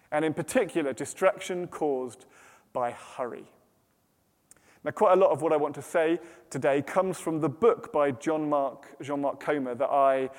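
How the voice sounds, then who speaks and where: A British man preaching a sermon, telling a story in a lively way and then dropping to hushed, slow dramatic pauses. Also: on the high side. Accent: British English. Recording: long hall reverb.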